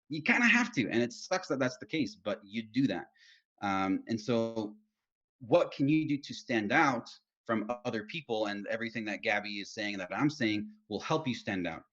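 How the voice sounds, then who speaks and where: Man on a lo-fi video call. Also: medium pitch. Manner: animated storytelling, many fillers and restarts. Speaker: guest speaker, test engineering lead. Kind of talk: casual career advice chat. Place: home, Utah. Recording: dull lo-fi video call audio.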